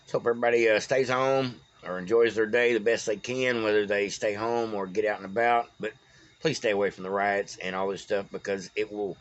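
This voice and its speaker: A man's voice: on the low side, steady tone, a little fast. A man with a Texan accent, talking casually in a rambling, folksy way as a political vlogger. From Texas. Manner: rambling, folksy, stumbles over names. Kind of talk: casual solo commentary. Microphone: phone.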